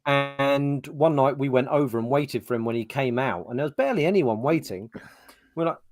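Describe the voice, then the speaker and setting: A man's voice: medium pitch, brisk, soft background music. An English man co-hosting a podcast, telling casual stories in a chatty way with the odd swear word. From England. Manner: chatty storyteller, swears freely. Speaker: podcast co-host. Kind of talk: casual chat. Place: podcast setup. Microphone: podcast mic.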